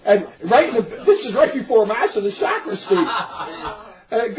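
A middle-aged man with a rather high voice tells a story in casual conversation. He is animated and laughs often. He slips into the voices of the people in his tale. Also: normal speed, rough recording. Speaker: storyteller in a religious talk recording.

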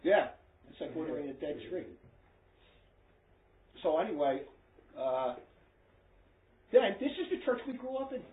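A man's voice: a little high, sing-song, unhurried, long pauses, slight background noise. A man preaching to a small group in a blunt, emphatic, scolding way. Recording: echoey tinny phone-like recording.

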